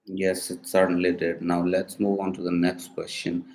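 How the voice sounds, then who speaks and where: A man's voice: sits low, completely flat delivery, normal speed, very noisy. A man asking study questions aloud, hesitant and searching for words as he works through them. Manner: hesitant, with fillers and restarts while working through a question. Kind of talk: casual spoken questions.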